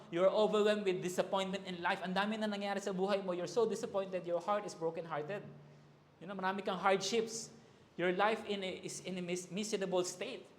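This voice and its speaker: Preacher in an echoey hall. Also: male voice, sits high. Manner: switches between English and Tagalog, rises to loud emphasis on quoted cries. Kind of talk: sermon.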